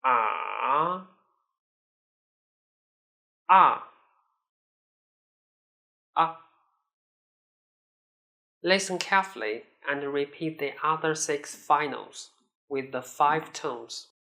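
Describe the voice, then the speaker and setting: A man teaching Mandarin pronunciation, patiently explaining and modelling drawn-out syllables with exaggerated tones. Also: a little high, animated, bright, forceful tone. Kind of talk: slow, deliberate language lesson.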